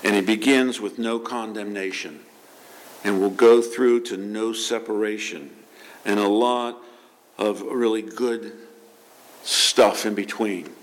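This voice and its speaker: A male pastor delivering a sermon, talking in an animated way, asking his listeners rhetorical questions and repeating words as he builds his points. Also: lowish voice, slow, slight background noise.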